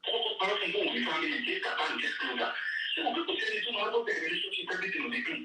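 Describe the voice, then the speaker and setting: A Nigerian man answers interview questions at a rapid clip, his voice bright and sharp, with a lively pitch that leaps up and down. He sounds distant in a very echoey room. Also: soft background music. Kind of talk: interview answers mixing Yoruba and English.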